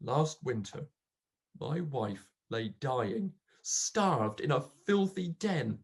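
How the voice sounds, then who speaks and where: A reader performing a dramatic poetry recitation as a grief-stricken old male pauper, bitter and accusing, swinging melodramatically from hushed to loud. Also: medium pitch, very animated, slow pace, breathy edge, heavily acted. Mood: mournful.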